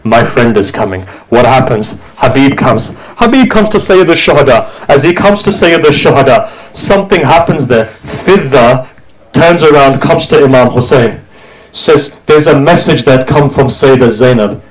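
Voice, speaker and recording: A man preaching a mourning sermon as a dramatic story, his voice rising into high, tearful cries and dropping to hushed tones. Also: expressive, normal speed, rough recording. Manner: drops to low, hushed tones for quiet moments.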